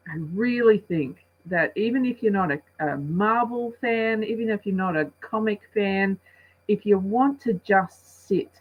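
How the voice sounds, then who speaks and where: Casual movie review, talks in circles, restarts a lot, kinda muffled lo-fi audio. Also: mid-range voice. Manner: rambling, chatty, with many restarts and acted-out asides.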